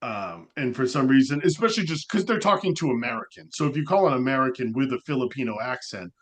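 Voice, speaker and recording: A man's voice: mid-range voice, fast talker. A man co-hosting a podcast, talking in a loose, rambling way with lots of fillers. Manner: rambling, animated, frequent "like" fillers. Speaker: podcast co-host. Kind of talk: casual podcast chat.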